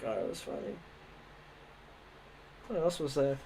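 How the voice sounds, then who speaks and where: A man's voice: mid-range voice, very animated, a little slow, vocal fry, dark tone, slightly rough. A young man with an Australian accent casually telling rambling stories on a livestream, swearing freely and laughing at himself.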